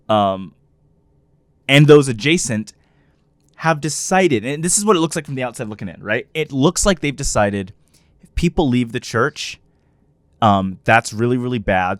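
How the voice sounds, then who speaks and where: Animated man in lively podcast banter. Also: medium pitch, no room sound. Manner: animated, laughing, jokey emphatic preaching. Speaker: podcast co-host. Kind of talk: casual podcast chat.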